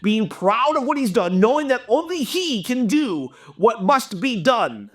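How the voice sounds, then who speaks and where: A young man hosting a wrestling channel, delivering an animated, exasperated opinion rant to camera. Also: extremely high pitch, measured pace.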